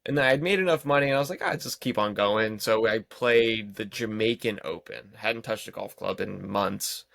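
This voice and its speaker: A man's voice: fairly low pitch, normal speed, vocal fry, a bit bright, dry recording. A man in his thirties, a golf pro and podcast guest, telling loose self-deprecating anecdotes in casual chat. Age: 30s.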